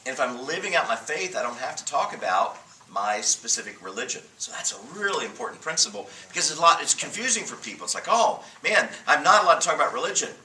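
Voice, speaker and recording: A man teaches a church class in a lively, joking, emphatic way and gets the group to repeat phrases back to him. His voice is very bright and a little high. The recording is roomy and distant, with faint noise. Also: quick pace, hardly any pauses. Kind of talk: church class lecture with call-and-response. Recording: roomy room mic from afar, faint noise.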